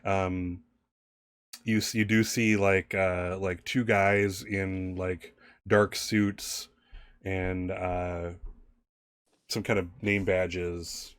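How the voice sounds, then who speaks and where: A man with a low voice runs a tabletop game for his players. He rambles through his scene descriptions with fillers and restarts, and the sound is dry and close. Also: little pitch movement, very slow, pauses often, smooth, no echo. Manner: rambling, many fillers and restarts, laughs often. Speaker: game master.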